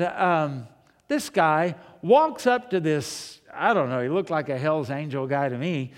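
A man's voice: fairly high pitch, big-room sound. A man preaching a sermon from the pulpit, telling folksy stories and asking his listeners rhetorical questions. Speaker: pastor. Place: church sanctuary.

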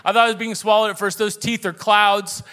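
A man's voice: sits high, flat delivery, brisk, sharp tone, clear, resonant tone. A young man preaching a sermon and leading prayer in an earnest, conversational way.

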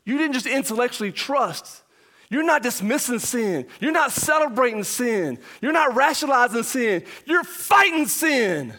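A man, a pastor and father, preaching an impassioned verse-by-verse sermon, shouting much of it and then dropping to a low voice. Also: animated, normal speed. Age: young adult or middle-aged parent.

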